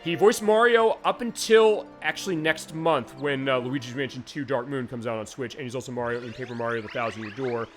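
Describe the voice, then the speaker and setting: A man's voice: medium pitch, fairly even intonation, fairly quick, hardly any pauses, soft background music. A man hosting a game stream, chatting casually and rambling with many fillers while he plays. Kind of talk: casual let's-play commentary.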